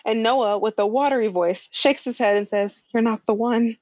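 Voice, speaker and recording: A woman casually recapping a show scene by scene, telling it with animated asides and slang. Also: on the high side, moderate pace, no echo, highs cut off. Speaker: podcast co-host recapping a show. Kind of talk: casual chat.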